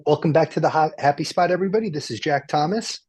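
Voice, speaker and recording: A man's voice: fairly high pitch, quick pace, darkish tone, breathy edge. A man hosting a radio talk show from a car dealership, rambling and joking with plenty of fillers and restarts. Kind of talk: casual chat.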